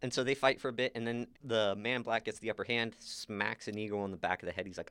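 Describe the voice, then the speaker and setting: Man, low voice, dry close sound, casual podcast recap, animated storytelling. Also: clean tone, no room sound. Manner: animated retelling, quick quoted asides. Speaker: podcast co-host. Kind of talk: casual movie recap chat.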